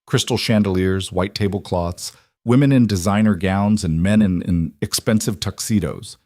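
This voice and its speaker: A man narrates a story in an even, measured voice, pitched on the low side. The recording is dry and close, with no room sound. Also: no room sound.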